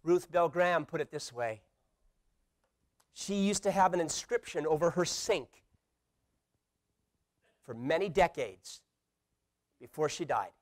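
A middle-aged male pastor preaching a sermon, swinging from hushed asides to loud emphatic calls and playfully acting out quoted voices. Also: a little high, expressive, a little slow, long pauses.

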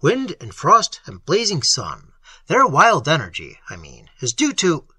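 A reader with a hoarse voice voicing a younger male tutor who asks measured, inquiring questions in an audiobook. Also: medium pitch, wildly swooping pitch, bright, forceful tone, no echo, full character voice.

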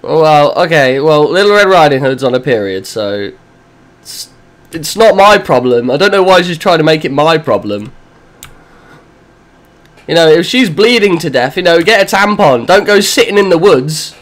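A man's voice: on the high side, animated, normal speed. A young man casually commenting as he plays a horror game with a friend, chatty and swearing often. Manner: chatty, swears often, talks to himself and his teammate. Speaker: gaming channel host. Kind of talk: let's play gaming commentary.

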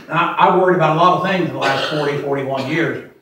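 A man in his forties preaching a sermon as pastor, plain-spoken, repeating himself and slowing down to stress verses. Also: on the high side, fairly bright tone. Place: church sanctuary. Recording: echoey church from far off.

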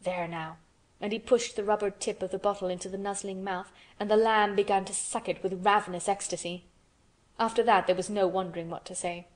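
A woman narrating a classic storybook aloud in a steady, measured way. Her voice sits at a middling pitch for a woman, calm and even in delivery. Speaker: audiobook narrator. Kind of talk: scripted narration.

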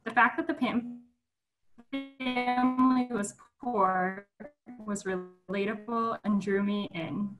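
A woman moderating a panel, reading audience questions aloud in a steady way. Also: medium pitch, slow, music in the background, poor audio.

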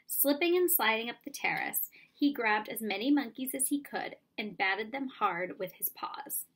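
Expressive woman reading a storybook. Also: on the high side, moderate pace, breathy edge. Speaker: audiobook reader. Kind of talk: storybook narration.

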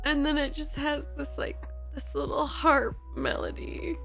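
A woman's voice: high-pitched, a little slow, vocal fry, a bit bright, soft background music. A woman hosting a movie reaction video, talking in an effusive, emotional way with lots of "like". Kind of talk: casual reaction commentary.

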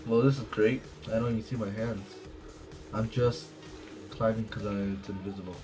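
A man giving casual, profane video game commentary, jumpy and quick to laugh at himself. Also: fairly low pitch, fairly even intonation, warm tone, soft background music. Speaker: gameplay commentator.

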